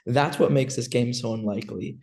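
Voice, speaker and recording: A man hosting a casual podcast chat, telling a story with lively back-and-forth as he acts out both sides of the talk. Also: medium pitch, a little fast.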